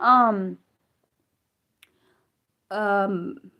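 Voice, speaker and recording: A woman's voice: lowish voice, expressive, unhurried. A woman hosting a casual livestream from her phone, reading viewer comments aloud in a rambling, apologetic way with many fillers and restarts. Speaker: livestream host.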